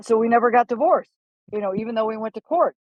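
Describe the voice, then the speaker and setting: A middle-aged woman, a golf instructor, telling stories animatedly in a casual podcast chat, with quick asides and restarts. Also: a little high, no echo, highs cut off.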